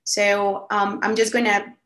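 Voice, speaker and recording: A woman telling a story casually on a podcast, animated and full of "like" fillers. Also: mid-range voice, unhurried. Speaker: podcast guest. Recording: echoey room.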